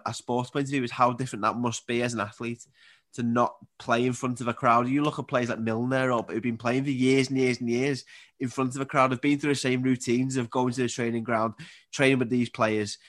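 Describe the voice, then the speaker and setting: A young Scouse man speaks fast as a podcast guest, full of animated anecdotes. His pitch sits in a middling range. He laughs as he goes. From Liverpool area, England. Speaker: guest, Paralympic table tennis player. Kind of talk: casual storytelling.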